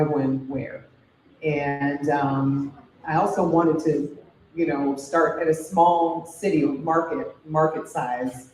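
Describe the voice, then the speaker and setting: A woman's voice: low-pitched, a little mellow, slight background noise. Middle-aged news anchor woman, thoughtful and chatty, recorded distant in a reverberant hall. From Chicago. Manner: conversational, thoughtful with many fillers. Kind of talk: fireside chat answering questions. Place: large hall event. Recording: roomy hall audio from afar.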